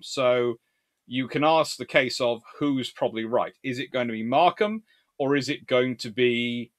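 A man hosting a live-stream history talk, reading out chat questions and answering with animated asides. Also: medium pitch. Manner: animated, quick asides and laughs. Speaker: naval historian host.

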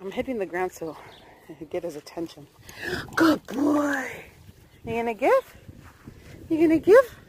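A woman's voice: a little high, sing-song, normal speed, long pauses, slight background noise. A woman filming her puppy outdoors, coaxing and praising him in a sing-song voice. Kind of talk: casual talk to a dog.

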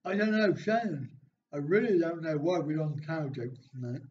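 This streamer's voice is a little high with a darkish tone, and he talks at normal speed. He reads out jokes from his viewers' chat and responds drily, poking fun at himself. The recording sounds dull and a bit lo-fi, with faint background noise.

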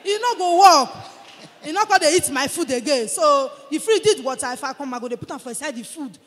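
A woman in her forties with a Nigerian Pidgin English accent gives her testimony in church. She tells her story with lively energy and acts out the voices of the people in it. Her voice carries a long reverb from the church hall. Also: high-pitched, fast talker. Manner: animated storytelling, acting out what others said. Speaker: church member giving a testimony.

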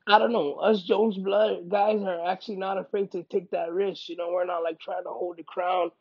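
A man, a professional fighter, speaking in a casual interview, emphatic and animated, often repeating himself for emphasis. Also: high voice, moderate pace, slightly rough, highs cut off. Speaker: MMA fighter.

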